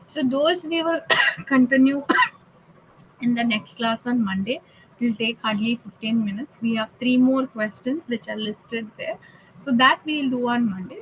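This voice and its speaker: A woman's voice: a little high, a bit bright, a little hiss or hum, rough recording. A woman teaching a German class online, explaining grammar patiently in English and German and often checking with "okay". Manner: switches between English and German.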